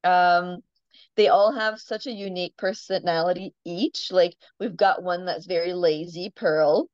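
A woman's voice: fairly low pitch, fairly even intonation, measured pace, a little mellow, clean tone, no echo, lo-fi sound. Chatty woman telling animal stories. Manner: chatty storyteller, laughs often, many ums. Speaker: farm animal owner, guest. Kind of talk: casual interview chat.

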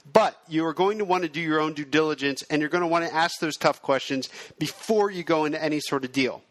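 A male podcast host who explains in an even, self-described monotone delivery. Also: fairly high pitch, no room sound. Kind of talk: podcast monologue.

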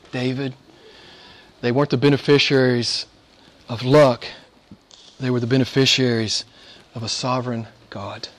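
A male pastor preaching a sermon, emphatic, swinging between quiet points and rising declarations. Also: mid-range voice.

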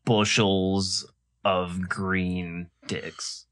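Bright excitable man playing a game. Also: sits low, very slow. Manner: excitable, reads game text aloud. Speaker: co-host playing a video game. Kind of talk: casual let's-play banter.

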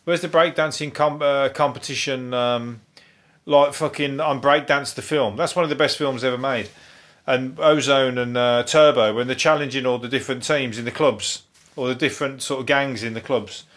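A man's voice: medium pitch, steady tone, moderate pace, a bit bright. A man hosting a solo podcast, ranting in a rambling, profane way with restarts and chuckles. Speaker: podcast host.

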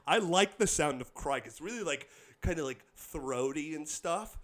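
A man's voice: fairly high pitch, moderate pace. A man reading tips aloud in a casual chat, giggling often and slightly tipsy. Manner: giggly, animated, breaks into laughter. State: tipsy, drinking.

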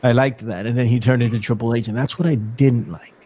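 Halting man hosting a podcast. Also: mid-range voice, steady tone, mellow, husky. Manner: halting, repeats words, laughs easily. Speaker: podcast host. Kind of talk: casual chat.

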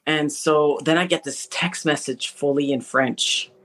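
A woman from Manitoba, a podcast guest telling her faith testimony, acting out conversations with lively animation. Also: low-pitched, unhurried, background noise. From Manitoba, Canada. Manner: animated storyteller who acts out conversations. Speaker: interview guest.

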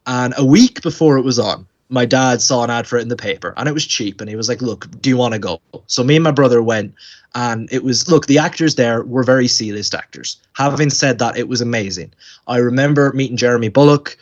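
A man chatting casually on a podcast, his story full of quoted voices and stammering restarts. The pitch sits mid-range, and the recording is a little muffled and lo-fi. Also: fairly quick. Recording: dull lo-fi sound.

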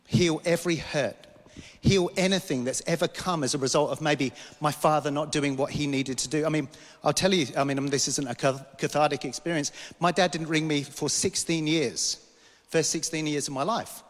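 A slightly high-voiced British preacher, heard with big-room acoustics in a church hall, recounts a personal vision during his sermon. His storytelling wanders, breaking off into rambling asides and little jokes.

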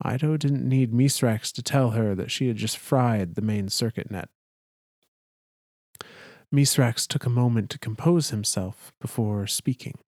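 A man reading a story aloud as a podcast co-host, in a calm, deliberate way. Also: mid-range voice, no room sound, studio quality. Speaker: podcast co-host, lore reader. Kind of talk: story narration.

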